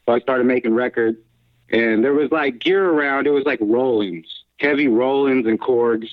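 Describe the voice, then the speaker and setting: A man's voice: medium pitch, moderate pace. Male guest, rambling storyteller with lots of restarts and chuckles, heard over a thin phone-like line. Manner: rambling, restarts, frequent laughs. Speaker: guest, house music DJ and producer. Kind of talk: casual storytelling interview.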